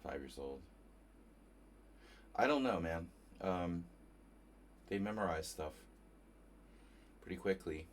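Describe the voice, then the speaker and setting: Playing a chess game on stream, a New Jersey man thinks aloud and talks with his viewers in casual live commentary. He speaks slowly with frequent pauses, in a low voice with lively intonation, over slight background noise.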